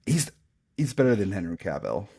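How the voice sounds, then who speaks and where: A man hosting a casual podcast chat who talks in an animated way and jumps up in pitch when he gets excited. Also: moderate pace, slightly rough. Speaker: podcast host.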